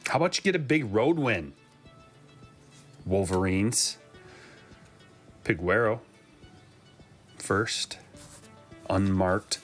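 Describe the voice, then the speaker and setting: A man's voice: fairly low pitch, expressive, takes it slowly, pauses often, soft background music. A man hosting a live trading card break, chatting casually and joking with viewers while he opens packs. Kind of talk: casual live-stream commentary.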